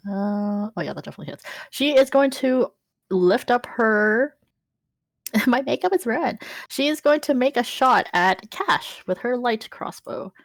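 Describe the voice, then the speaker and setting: A woman's voice: a little high, dry recording, studio quality. A woman narrating as dungeon master in a tabletop game, giggly and rambling, with lots of fillers.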